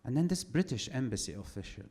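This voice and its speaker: A man doing a stand-up comedy set, telling his story with sardonic, animated delivery. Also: mid-range voice, fast talker.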